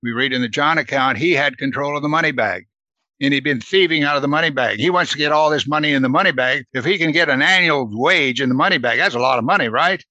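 Man, Bible study teacher, chatty and earnest, bright tone, close and dry. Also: a little high, quick pace, no echo, muffled recording. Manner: earnest, asks the listeners questions, adds "right?".

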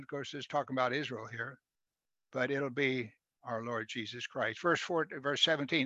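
A man preaching a sermon, reading scripture aloud with loud emphatic rises and dropping to quiet asides. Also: mid-range voice, moderate pace, no room sound. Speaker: pastor. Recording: dull lo-fi sound.

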